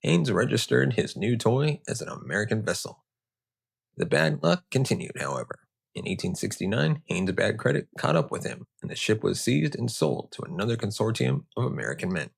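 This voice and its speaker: A man's voice: on the low side, big pitch swings, brisk, vocal fry, breathy edge. A man hosting a history podcast, telling the story casually with sarcastic, joking asides. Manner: casual, sarcastic, riffing off-script. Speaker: podcast host.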